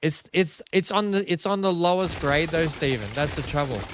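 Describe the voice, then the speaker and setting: A man's voice: on the high side, normal speed, fairly bright tone, a little hiss or hum. Chatty Australian man live-streaming a game. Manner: chatty, talks to chat, self-mocking frustration. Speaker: gaming streamer. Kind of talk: casual live-stream commentary. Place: home room.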